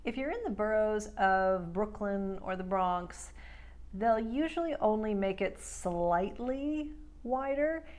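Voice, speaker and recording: Slow, careful woman speech coach. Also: medium pitch, animated, a little mellow. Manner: slow, carefully enunciated demonstrations of vowel sounds. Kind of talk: accent tutorial.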